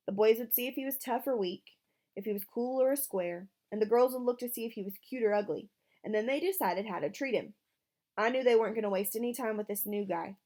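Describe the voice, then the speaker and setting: A woman reading a children's novel aloud, voicing the characters with changes in pitch and loudness. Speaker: audiobook reader.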